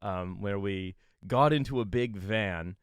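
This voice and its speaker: Comedy podcast co-host, man from Canada. Halting, self-interrupting storyteller, laughs often. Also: on the low side, smooth, no room sound, studio quality. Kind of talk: casual comedic chat.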